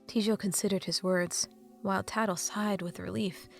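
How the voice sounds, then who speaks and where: A woman's voice: medium pitch, fairly even intonation, normal speed, gravelly, faint music behind. A woman narrating a fantasy novel as an audiobook reader.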